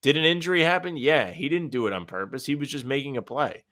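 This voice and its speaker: A man co-hosting a casual sports podcast, talking in an animated, ranting way with some sarcasm. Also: medium pitch, fast. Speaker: podcast co-host.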